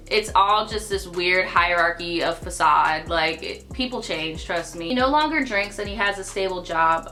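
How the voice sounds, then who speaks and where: A woman's voice: medium pitch, sharp tone. A young woman hosting a storytime channel, reading viewer stories aloud and cutting in with blunt, profane commentary. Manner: sassy, blunt, profane asides.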